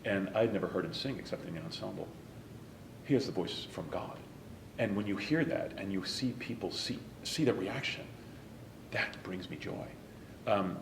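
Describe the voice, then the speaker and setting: A low-voiced man talks about his stage work with earnest, open feeling, sometimes dropping almost to a whisper. The room is echoey, with steady noise behind him. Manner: earnest and emotional, some lines softly whispered. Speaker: interview guest, stage actor. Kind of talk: reflective interview talk.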